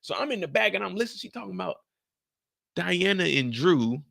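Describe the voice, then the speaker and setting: A young streamer chats with his audience while recapping a TV episode in an animated, profane style. His voice is high and creaky, and he keeps a brisk pace.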